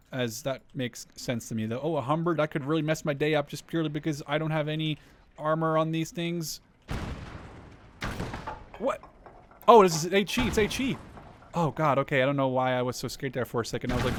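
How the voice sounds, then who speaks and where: A gaming YouTuber talking through a war strategy game as he plays, chatty and thinking aloud, with quick startled exclamations. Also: mid-range voice, noisy background. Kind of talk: live gameplay commentary. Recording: game gunfire and clicks behind voice.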